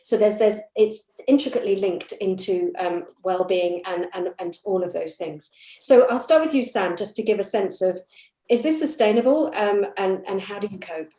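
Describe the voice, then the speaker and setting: A woman's voice: medium pitch, lively intonation. British woman chairing, roomy echo. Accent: British English. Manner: warm, searching, halting questions. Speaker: session chair. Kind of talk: panel moderation.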